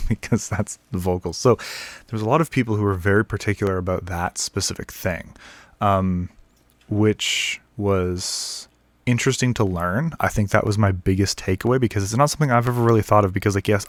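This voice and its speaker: A man's voice: low-pitched, no echo. A man who is a vocalist, talking casually and bluntly to camera, swearing freely and counting out rhythms as he explains. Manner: candid and blunt, frequent swearing and fillers; taps out rhythms while explaining.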